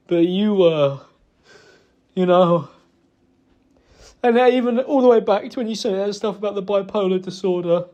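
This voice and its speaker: A young man giving a halting, self-reproachful personal apology, emotional and close to tears, hesitating with many fillers. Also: sits high, a little mellow. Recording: dull lo-fi recording.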